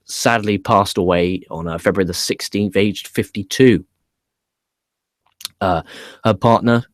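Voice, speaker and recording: A young man with a low-pitched voice rambles through wrestling news, blunt and full of swearing. The sound is dry and close, with no room around it. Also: a little mellow, no room sound. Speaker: podcast host. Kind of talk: casual wrestling news chat.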